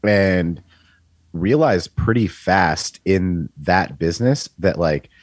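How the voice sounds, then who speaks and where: Low husky man rambling on a podcast. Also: lively intonation, takes it slowly, no room sound. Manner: rambling, full of "you know" and "like". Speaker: podcast co-host. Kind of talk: casual business podcast discussion.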